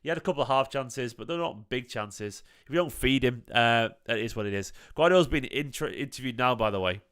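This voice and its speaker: Smooth-voiced football fan host. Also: male voice, mid-range voice, animated, fairly quick, fairly bright tone. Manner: emphatic, repeats phrases, casual swearing. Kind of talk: livestream football match reaction.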